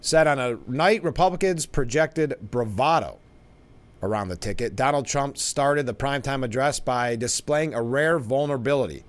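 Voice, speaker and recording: A man's voice: mid-range voice, moderate pace. A man hosting a talk show, giving casual political commentary in a conversational way, with restarts and asides. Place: broadcast studio.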